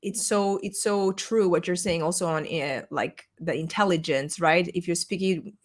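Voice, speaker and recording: A woman with a somewhat low voice hosts a podcast over a remote call. Her first language is Armenian, and she talks in an earnest, reflective way, often pausing to search for the right word. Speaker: podcast host. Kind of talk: casual video-call conversation. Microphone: remote call microphone.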